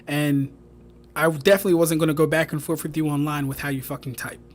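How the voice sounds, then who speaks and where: Quick and flat, with a slightly high voice, a young streamer reviews fan debates in casual livestream commentary. He sounds mocking and exasperated, swearing, repeating himself, and laughing often.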